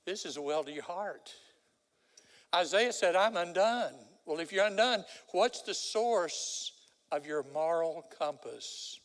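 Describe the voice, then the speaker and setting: Older preacher in a reverberant church. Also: male voice, a little high, expressive, slow. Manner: dramatic storyteller, swings from loud to hushed. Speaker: guest preacher. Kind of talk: sermon with storytelling. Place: large church sanctuary. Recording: long hall reverb.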